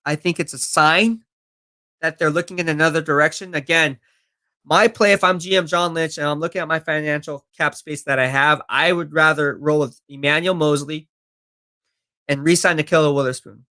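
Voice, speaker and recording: A man's voice: fairly high pitch, fairly even intonation, moderate pace, pushed and bright. A man live-streaming football talk, reading viewer comments and answering them in a confident, chatty way. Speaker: sports streamer.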